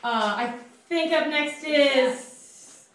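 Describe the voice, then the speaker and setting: High-voiced woman emcee, distant and echoey. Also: drawn-out words, a crowd in the background. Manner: casual, rambling with filler words. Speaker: open mic host. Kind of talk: emceeing and stand-up. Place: small club at an open mic. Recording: echoey room, far from mic, noisy.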